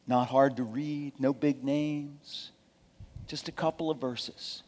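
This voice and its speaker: A man preaching a sermon in a folksy, dramatic way, moving between quiet asides and forceful emphasis, with sarcastic remarks to his listeners. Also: medium pitch, steady tone, a little slow, big-room sound.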